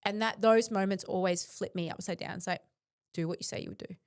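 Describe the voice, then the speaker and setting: A woman's voice: mid-range voice, fairly even intonation, fast talker. A woman, a guest on a podcast, speaking earnestly and intensely about her mindset, with frequent fillers. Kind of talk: reflective interview talk.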